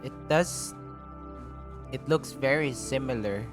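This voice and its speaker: A man casually role-playing a smith in a tabletop game, rambling, his voice trailing off quietly, with music playing behind him. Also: mid-range voice, slow. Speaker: player voicing a smith character.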